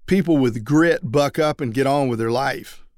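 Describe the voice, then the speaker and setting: A trial lawyer teaching other lawyers how to persuade juries, telling a story and acting out everyday quotes. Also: male voice, mid-range voice, normal speed, darkish tone, no echo, studio quality.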